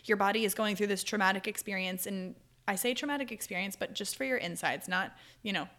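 A woman's voice: medium pitch, a little fast, sharp tone. A young woman hosting a podcast, giving casual advice in a chatty, loose way with fillers and self-corrections. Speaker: podcast host.

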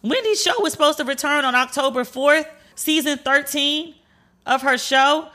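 A woman's voice: high voice, normal speed. A woman hosting a podcast, telling stories in casual chat with lots of fillers and acted-out quotes. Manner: animated storytelling with frequent fillers and acted-out quotes. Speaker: podcast host.

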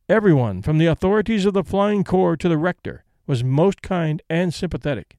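A man's voice: fairly high pitch, animated, normal speed, few pauses, dark tone, no room sound. Man narrating a storybook, dry close sound. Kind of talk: audiobook narration.

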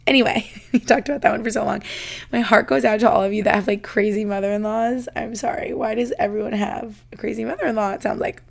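A young woman hosts a casual podcast, reading out listener confessions and chatting about them, laughing as she reads and saying "like" constantly. Her voice is a little high and creaky, fast, with a steady tone.

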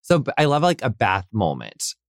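A man's voice: mid-range voice, wildly swooping pitch, normal speed, no room sound, studio quality. An American man hosting a podcast interview, gushing and effusive, full of fillers and casual swearing. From United States. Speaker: podcast host.

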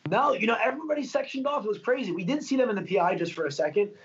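Fast-talking young man telling stories. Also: sits high, expressive. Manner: fast, rambling storytelling with many fillers. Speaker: fighter being interviewed. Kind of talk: casual interview talk. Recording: dull lo-fi sound.

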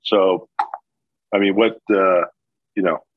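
Husky-voiced older man telling stories. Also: low-pitched, slow, dry recording, phone-quality sound. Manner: animated storyteller acting out quotes, laughs often. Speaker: baseball broadcaster and former pitcher. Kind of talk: casual storytelling interview.

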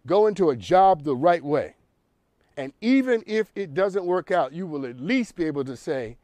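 Male talk host, preachy monologue, lively high voice. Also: moderate pace, dry recording. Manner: preachy, emphatic, repeats for effect. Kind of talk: animated talk show monologue.

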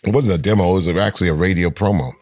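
A man's voice: low-pitched, very fast, darkish tone, no room sound. A middle-aged man, a veteran rapper as guest, talking in an emphatic storytelling way with many restarts. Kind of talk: casual conversation.

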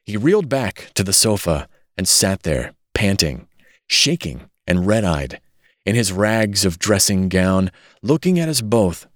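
低く抑揚豊かな男性の朗読. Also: male voice, deep voice, sing-song, measured pace, dry recording, studio quality. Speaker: audiobook narrator. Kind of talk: scripted narration.

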